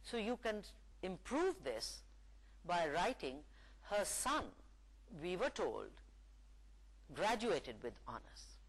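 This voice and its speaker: Slow, lilting woman lecturer. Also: fairly low pitch, very animated, low-quality recording. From Pakistan. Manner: slow, deliberate, reading example sentences aloud. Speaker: university English lecturer. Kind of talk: recorded lecture.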